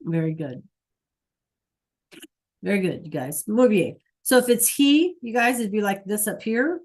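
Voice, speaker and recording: A woman's voice: medium pitch, lively intonation, unhurried. A woman teaching a Spanish class online over a computer mic, patient, checking in often with "okay?" and "right?".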